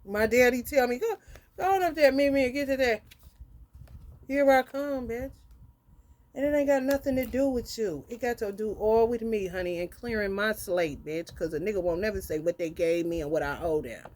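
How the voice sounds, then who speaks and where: A woman's voice: steady tone, normal speed. Blunt, profane woman on a live stream. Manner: blunt, profane, calls listeners honey; swings between loud outbursts and low muttering. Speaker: tarot reader and live-stream host. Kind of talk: unscripted live-stream monologue.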